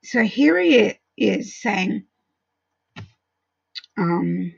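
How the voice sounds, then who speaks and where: A woman teaching a Bible study in a casual way, walking through verses and explaining them with frequent pauses and ums. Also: mid-range voice, big pitch swings, gravelly, breathy edge, no room sound, highs cut off.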